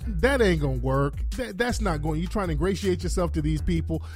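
A high-voiced man rants on his commentary show, blunt and profane. He hammers his points hard and slips into mocking falsetto impressions. Faint music sits behind him. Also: a little fast, a little mellow. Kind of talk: opinionated political commentary monologue.

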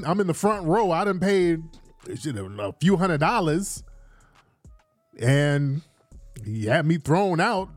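A man's voice: high voice, no room sound. A man hosting a casual commentary vlog, rambling, repeating himself and laughing often. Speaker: vlog host.

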